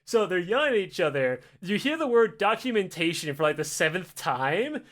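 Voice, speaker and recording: A male podcast host spins a casual story with lots of swearing. His voice sits high and leaps around in pitch as he goes. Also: normal speed. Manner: animated, heavy swearing, acts out voices.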